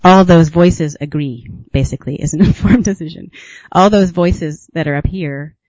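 Unhurried, musing man, slightly higher voice. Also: no room sound, muffled recording. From United States. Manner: unhurried and musing, with gentle laughs and pauses. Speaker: meditation retreat teacher. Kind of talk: reflective dharma talk.

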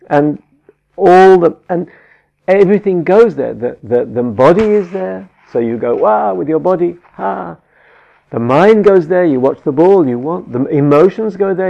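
Searching for words and restarting often, a man teaches a Buddhist dharma talk in a slightly high, gravelly voice. He is a meditation teacher, and the audio is dull and lo-fi.

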